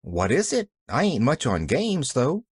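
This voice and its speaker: A flustered, kind-hearted servant woman, as the reader puts her on, talks in homely rural dialect, her voice pitched up and swinging widely between worry and fondness. Dry, close storybook audio. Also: huge pitch swings, a little slow, husky, no room sound, full character voice. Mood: fond. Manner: folksy rural dialect, exclaiming.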